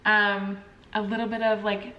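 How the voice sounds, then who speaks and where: A woman in her thirties chatting casually to camera as a vlogger, telling a story in an animated way and acting out the people in it. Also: mid-range voice, a little slow, highs cut off. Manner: animated storyteller, acts out quoted phone calls. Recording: roomy echo, mic at a distance.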